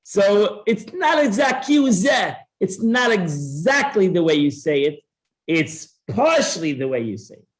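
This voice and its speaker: A man's voice: high voice, sing-song, slow pace. A man teaching a Torah class, acting out both sides of a dispute and often repeating himself as he explains. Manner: repeats words and restarts often. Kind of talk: classroom Talmud lesson.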